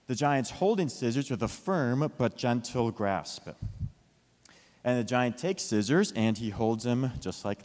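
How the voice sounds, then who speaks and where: A man telling a children's story with a lesson, lively and asking his listeners questions. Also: medium pitch. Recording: long hall reverb.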